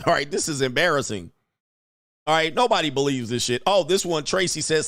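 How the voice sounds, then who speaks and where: A man hosting a casual reaction commentary, loud and mocking, full of slang and laughter. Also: medium pitch, animated, brisk, faint music behind. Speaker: commentary host.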